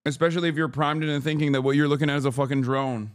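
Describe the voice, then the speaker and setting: Heated, sarcastic male streamer, smooth voice. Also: a little high, fairly even intonation, rapid-fire. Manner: heated, sarcastic, argues with the chat. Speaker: streamer reacting to a video. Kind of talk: profane live-stream commentary.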